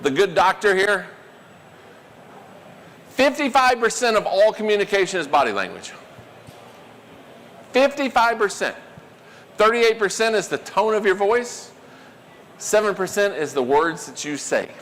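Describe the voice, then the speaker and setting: Man presenting to a room, lively. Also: sits high, measured pace, pauses often, big-room sound. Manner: animated, questions the audience. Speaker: workshop presenter. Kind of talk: live talk to a small audience.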